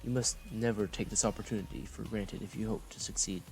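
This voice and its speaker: A man's voice: on the low side, fairly even intonation, fairly quick, gravelly, a little mellow, faint music behind. A man reading a story game aloud, playful and breaking off for jokes.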